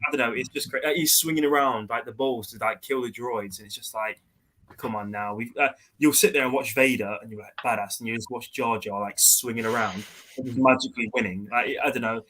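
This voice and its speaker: A man ranting in a casual video-call chat, his middle-pitched voice lively and full of mocking impressions. He jumps between complaints at a quick clip. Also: rough recording. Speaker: podcast co-host.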